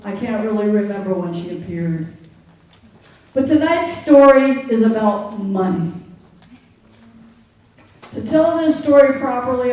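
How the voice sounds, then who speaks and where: Slow-telling woman in an echoey theater. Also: medium pitch, a little mellow, distant mic. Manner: deliberate, confiding, dryly wry. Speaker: storyteller. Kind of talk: live storytelling monologue. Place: theater stage.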